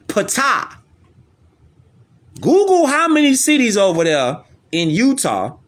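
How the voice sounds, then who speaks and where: A man with a high, somewhat bright voice works as an online commentator, riffing in a casual, slangy streetwise monologue full of repetition and rhetorical questions.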